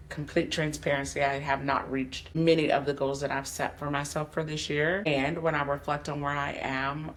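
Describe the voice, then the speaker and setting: A woman's voice: deep voice, slight background noise. Candid woman coach hosting a podcast. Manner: candid, emotional, speaks directly to listeners. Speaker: life coach and podcast host. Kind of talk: personal motivational podcast monologue.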